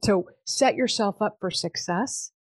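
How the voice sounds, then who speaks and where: A woman's voice: mid-range voice, unhurried, no echo. A woman giving practical family advice in casual podcast chat, upbeat and coaching, acting out sample phrases.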